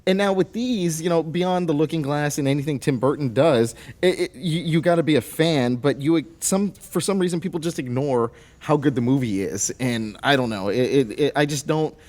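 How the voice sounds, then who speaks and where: A man chatting on a podcast in a halting way, often restarting his sentences. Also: a little high, a little mellow. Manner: halting, repeats words. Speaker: podcast panelist. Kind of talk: casual chat.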